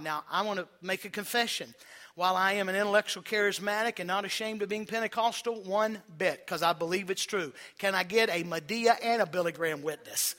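A male pastor delivers a sermon in a high, bright voice. He draws the congregation into call-and-response and has them repeat lines back. He slows down for quiet stretches, then builds to loud, forceful emphasis.

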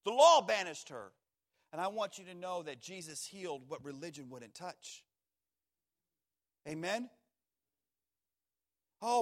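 Man preaching, high voice, dramatic, hushed then loud. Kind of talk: sermon.

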